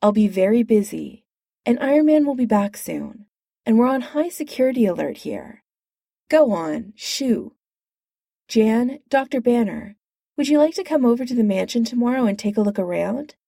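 A woman's voice: on the high side, expressive, moderate pace, creaky, dark tone, dry recording, studio quality, pitched above the performer's own voice. A woman voicing a brash, bossy man who talks in a breezy, dismissive way. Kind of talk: audiobook character voice.

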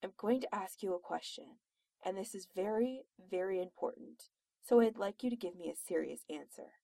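A woman reading aloud, voicing a brash, loud young woman who talks with blunt sarcasm. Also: medium pitch, moderate pace, vocal fry, dry recording. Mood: sarcastic.

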